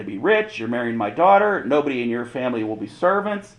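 A man's voice: medium pitch, very animated, a little fast, few pauses. A man teaching from the Bible, reading passages aloud and then explaining them in casual everyday talk with light jokes. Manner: reads scripture then explains it in plain modern talk with jokes. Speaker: pastor.

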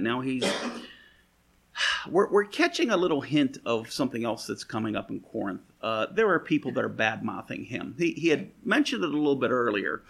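Male Bible teacher: husky, gravelly mid-range voice, folksy and rambling, dry sarcastic edge. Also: mid-range voice, lively intonation, moderate pace, fairly bright tone. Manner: folksy, rambling, full of "you know" asides. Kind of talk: conversational verse-by-verse Bible teaching.

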